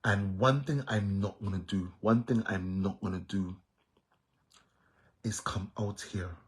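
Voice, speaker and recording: A man's voice: sits low, measured pace, husky. A man with a Jamaican accent talking straight to his viewers in a casual monologue, emphatic and repetitive, standing firm on his opinions. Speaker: social media commentator.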